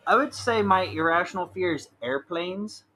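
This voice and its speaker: A man's voice: high voice, lively intonation, normal speed, sharp tone. A young man co-hosting a podcast, telling rambling stories with lots of "like" in casual chat. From Ohio, USA. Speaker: podcast co-host.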